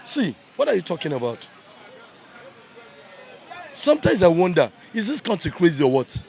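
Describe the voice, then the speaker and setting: A man's voice: sits high, very animated, moderate pace, creaky, darkish tone, a faint crowd. A man with a Nigerian accent giving angry street commentary, heated and repetitive for emphasis. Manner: heated, ranting, repeats points for emphasis. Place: outdoors in a busy urban street.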